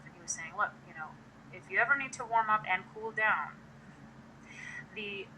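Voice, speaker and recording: A woman's voice: mid-range voice, sharp tone, a little hiss or hum, poor audio. A woman giving a casual live-streamed singing lesson, chatting to viewers and demonstrating sounds as she explains. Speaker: voice teacher.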